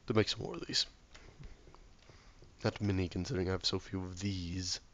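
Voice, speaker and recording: A hoarse, ill man talking himself through a game, often muttering softly or near a whisper. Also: low-pitched, steady tone, moderate pace, slight background noise. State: hoarse from illness. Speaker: gameplay video maker. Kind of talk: relaxed gameplay commentary.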